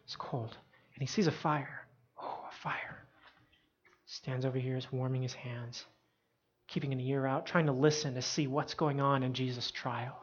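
Low-voiced woman telling a Bible story. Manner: animated, dramatic, with asides to listeners. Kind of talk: lively sermon storytelling. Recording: dull lo-fi sound.

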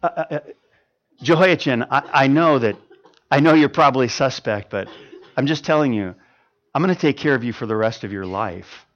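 Man putting on a soft-spoken gentle king. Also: medium pitch, muffled recording, pitched below the performer's own voice, close to an everyday voice. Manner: soft, halting, hushed. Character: gentle older king, kind and hesitant.

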